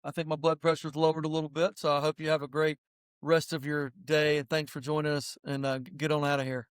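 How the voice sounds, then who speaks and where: A man's voice: on the high side, little pitch movement, smooth, no echo, studio quality. A middle-aged man hosting a podcast, talking in a blunt, fired-up, preachy way. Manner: rapid-fire opinions. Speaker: podcast host. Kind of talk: casual motivational podcast talk.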